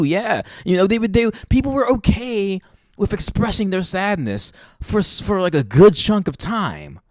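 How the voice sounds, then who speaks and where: A woman's voice: deep voice, darkish tone, no room sound. A young adult woman hosting a podcast, delivering an impassioned monologue full of swearing and emphatic ranting. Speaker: podcast host.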